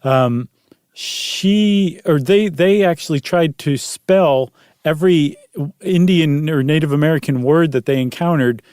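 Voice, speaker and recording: A man's voice: a little high, measured pace, a little mellow, clear, resonant tone, no echo, clean studio sound. A man hosting a podcast in casual chat, explaining things at length and chuckling often. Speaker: podcast host.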